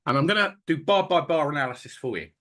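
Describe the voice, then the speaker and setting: Running a live trading webinar, a middle-aged man speaks quickly in a slightly high voice. He animatedly talks through charts while switching screens, adding storytelling asides.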